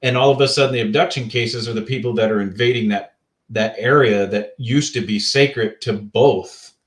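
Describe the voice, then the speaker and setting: A man's voice: mid-range voice, moderate pace, roomy sound. Man, casual co-host, profane, searches for words. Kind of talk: casual podcast chat.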